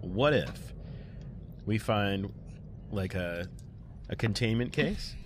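A man's voice: on the low side, lively intonation, slow pace, a little hiss or hum. A man playing a tabletop game, talking through plans in a laid-back, rambling way full of fillers. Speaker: player. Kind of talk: casual tabletop play.

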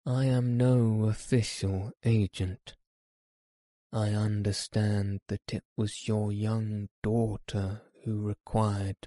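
A man reading as a calm, gentle detective. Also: lowish voice, dry recording, clean studio sound. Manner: calm, measured speech. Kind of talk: audiobook reading.

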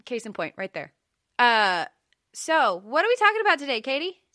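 A woman's voice: high-pitched, moderate pace, no echo, studio quality. A young adult woman, co-hosting a casual podcast chat, giggly and playful. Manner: giggly, animated, playful with silly voices. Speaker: podcast co-host.

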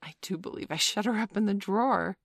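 A woman reading a storybook aloud, voicing a merry, boastful young boy in a raised, lively voice. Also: lowish voice, normal speed, dry recording, clean studio sound. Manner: bright boyish storybook voice, lively and proud.

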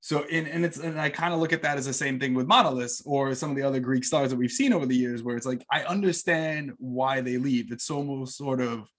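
A man's voice: mid-range voice, a little fast, few pauses. Chatty man hosting a soccer podcast. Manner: chatty, enthusiastic, building long questions. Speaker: podcast host. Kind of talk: casual interview.

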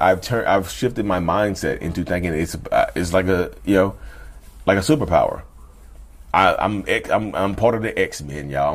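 A man talking casually to his viewers on a vlog, animated and repetitive, calling them y'all, and tired. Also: sits low. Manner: animated, repeats himself, addresses viewers as y'all. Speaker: vlogger. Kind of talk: casual talk to camera.

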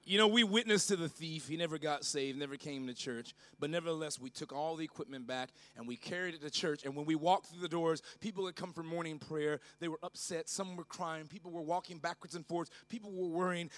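A middle-aged man preaching a sermon at a church conference, telling a story that moves from hushed narration to loud, fervent preaching. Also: on the high side, brisk, few pauses. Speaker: pastor.

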